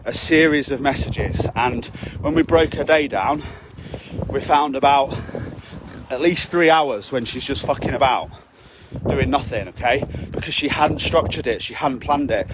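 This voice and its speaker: A man's voice: mid-range voice, noisy background. A man, a fitness coach, giving a blunt, sweary motivational talk to his camera while out walking, often asking "okay?". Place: outdoors on a walk.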